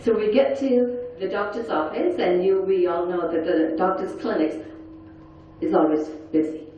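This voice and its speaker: A woman on a conference panel tells her own story in a quiet, intense and earnest voice. Her tone is mellow and dark. She is picked up from a distance in a very reverberant hall, through a dull, muffled recording. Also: on the low side, normal speed, slight background noise. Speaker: panel speaker. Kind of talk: personal testimony talk. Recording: echoey, dull hall sound from far off.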